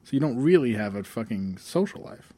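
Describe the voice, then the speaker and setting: A man co-hosting a podcast, chatting loosely and laughing between lines. His voice is mellow and dark. He swears freely and drifts from topic to topic. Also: medium pitch, sing-song, a little fast. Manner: laughs often, swears, reads jokes aloud. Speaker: podcast co-host. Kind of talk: casual podcast banter.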